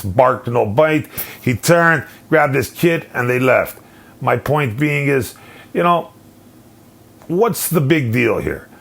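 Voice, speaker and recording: Gravelly man ranting profanely. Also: mid-range voice. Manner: animated, profane storytelling. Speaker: podcast host. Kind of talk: solo rant.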